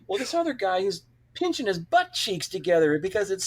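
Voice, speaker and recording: A man's voice: on the high side, big pitch swings, fairly quick, few pauses. A man who is a police officer, a guest on a podcast telling a story casually, with many restarts. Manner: rambling storyteller with many restarts and quoted voices.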